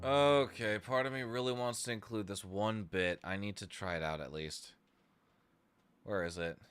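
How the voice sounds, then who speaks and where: A man streaming himself making music, chatting casually as he works, thinking out loud with hesitant restarts and sudden excited bursts. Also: lowish voice, normal speed. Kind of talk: casual live-stream chat while producing music.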